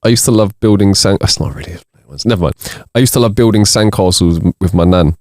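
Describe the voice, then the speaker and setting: A man's voice: deep voice, quick pace, darkish tone, no echo, clean studio sound. A man co-hosting a podcast, reading jokes aloud in casual chat and laughing between them. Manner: reads jokes with bursts of laughter. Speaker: podcast co-host.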